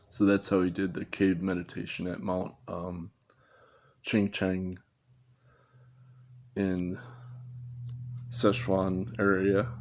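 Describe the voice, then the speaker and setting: Slow, gravelly low-voiced man rambling. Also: darkish tone. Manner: meandering, self-correcting, thinking aloud. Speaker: video commentator. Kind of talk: rambling unscripted monologue.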